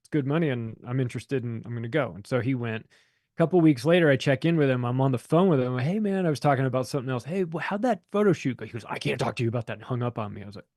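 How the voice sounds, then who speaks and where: A man's voice: mid-range voice, very fast, a little mellow, no room sound. A man chatting as a podcast guest, spinning a long anecdote with plenty of swearing. He slips into the voices of the people he quotes. His voice is dry and close, with no room sound. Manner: rambling, profane, acts out quoted voices. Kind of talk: casual storytelling conversation.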